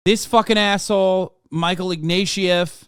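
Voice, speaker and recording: A man's voice: high voice, fairly even intonation, a little slow, fairly bright tone, clear, resonant tone, dry recording, studio quality. A man livestreaming, giving heated, profane, sarcastic commentary while reacting to a news piece.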